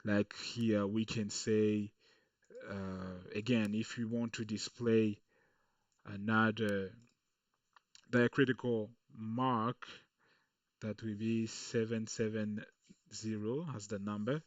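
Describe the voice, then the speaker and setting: A man's voice: on the low side, flat delivery, takes it slowly, no room sound, far from the mic, dull audio. A man teaching a screen-recorded coding lesson, explaining patiently and checking in with "okay" along the way. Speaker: coding tutorial instructor.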